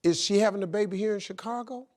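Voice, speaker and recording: A man hosting a talk show, joking and teasing guests in loud comic bursts before a live audience. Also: high voice, fast talker. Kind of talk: audience Q&A banter. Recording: live studio crowd, background noise.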